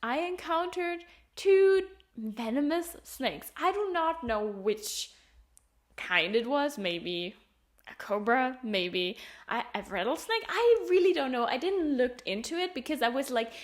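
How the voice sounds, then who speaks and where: A woman's voice: on the high side, sing-song, a little slow. A young woman travel vlogger chatting casually, laughing often and acting out little quotes as she tells her stories. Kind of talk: casual chat.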